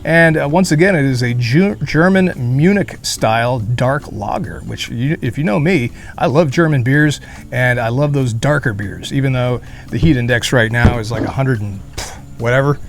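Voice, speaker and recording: A man talks his way through a beer review outdoors in a hot beer garden, sweating as he goes. His voice sits at an ordinary middle pitch, and he rambles along with joking asides and fillers in a loose vlog style. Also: normal speed, vocal fry, a little hiss or hum. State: sweating in the heat. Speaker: beer reviewer, channel host.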